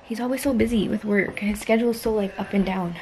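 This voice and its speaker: A woman's voice: mid-range voice, steady tone, fast talker, background noise. A young woman hosting a casual home vlog, chatty and short of breath, filming on a handheld camera at home. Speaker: vlog host.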